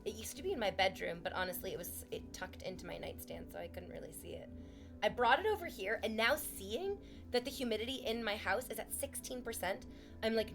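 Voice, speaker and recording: A woman's voice: mid-range voice, animated, brisk, creaky, music in the background. A woman streaming from home, chatting casually with her viewers in a sarcastic, teasing way and swearing freely.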